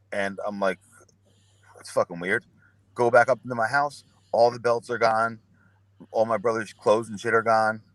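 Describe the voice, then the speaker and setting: This young podcast guest's medium-pitched voice has a fairly bright tone, recorded dry. He casually tells profane, wandering stories, performing what others said.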